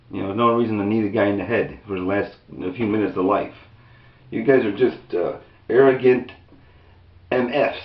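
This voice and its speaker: A man giving angry, unscripted commentary to his viewers, indignant and rambling, with restarts and a raised pitch whenever he quotes others. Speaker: video commentator. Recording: roomy, distant, dull lo-fi sound.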